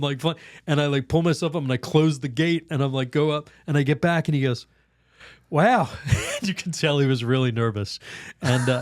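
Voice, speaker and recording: Man, priest guest, animated storyteller, laughs a lot, mid-pitched voice, dry close mic. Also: no room sound. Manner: animated, laughs often, acts out quoted voices; halting restarts and fillers. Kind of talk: storytelling in a podcast interview.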